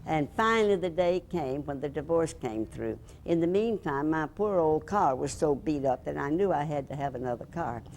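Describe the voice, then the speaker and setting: An older woman reminisces in a low, deep voice, spinning a lively anecdote and acting out the people in it. She talks in a chatty interview manner with a faint hiss of noise behind her. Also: moderate pace, few pauses. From Alabama, USA. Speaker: interviewee, former radio host and reporter. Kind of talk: storytelling reminiscence.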